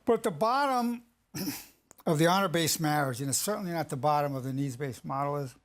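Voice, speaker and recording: A man giving a spoken lecture on marriage, emphatic and slow on key phrases, repeating them, with halting restarts mid-sentence. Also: on the high side, animated.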